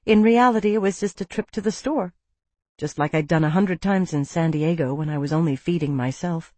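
Woman narrating an audiobook, lowish voice. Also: fairly quick, warm tone, no room sound. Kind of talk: first-person audiobook narration.

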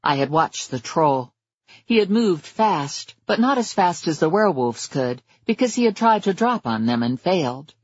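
A man narrating a first-person story in a measured, wry way. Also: fairly high pitch, very animated, breathy edge, dry recording, muffled recording. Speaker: audiobook narrator.

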